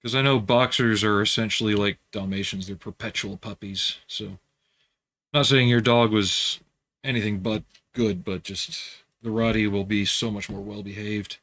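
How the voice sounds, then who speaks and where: A man's voice: lowish voice, moderate pace. Easygoing man chatting on a livestream. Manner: relaxed, chatty, answers viewer comments while working. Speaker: livestream host building scale models. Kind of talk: casual livestream chat.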